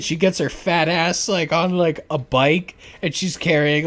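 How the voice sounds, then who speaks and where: A young man telling neighbor stories in casual chat, rambling and profane, packing every sentence with "like" and breaking into loud mocking voices. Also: fairly even intonation, unhurried, hardly any pauses. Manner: rambling, profane, heavy use of "like"; mimics neighbors in loud high-pitched voices.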